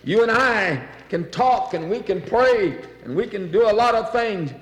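Male preacher, fervent sermon delivery, slightly high voice, roomy echo. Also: animated, unhurried. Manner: fervent, rising to near-shouts on emphasis. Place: church.

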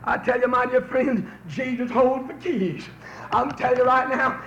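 A man preaching a revival sermon, telling folksy stories that build into fervent shouts. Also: very high voice, measured pace. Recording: roomy, dull old recording with faint hiss.

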